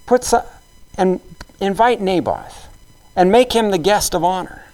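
A man's voice: high-pitched, unhurried, darkish tone, low-quality recording. A man voicing a domineering queen who scoffs and gives orders, as a retelling inside a sermon. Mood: scornful, bossy. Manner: bossy, scoffing. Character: scornful domineering queen, woman.

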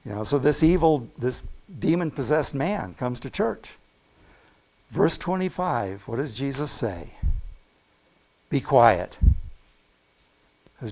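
A man preaching a sermon to his congregation, talking to them directly with asides and quick laughs, and swinging between loud calls and near-hushed moments. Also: mid-range voice. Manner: animated preaching with big swings in loudness, dropping to a hush. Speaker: pastor.

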